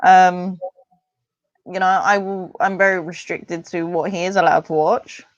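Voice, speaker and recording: A chatty woman with a fairly low voice tells stories in a rambling, lively way. Her sound is dry and a bit dull, as if from a lo-fi line. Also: a little slow, dry recording. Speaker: parent guest. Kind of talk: casual interview chat.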